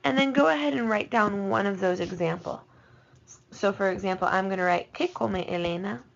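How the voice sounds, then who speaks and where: A woman teaching a recorded language lesson, patiently explaining and slowing down to spell out each example. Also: mid-range voice, fairly even intonation, gravelly. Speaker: Spanish teacher. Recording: dull lo-fi recording.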